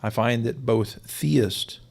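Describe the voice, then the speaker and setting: A man lectures in a live-streamed talk, pressing his points with emphatic repetition. His mid-pitched voice carries a gravelly rasp. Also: slow, a little mellow. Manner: emphatic, explanatory, repeats words for stress. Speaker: teacher.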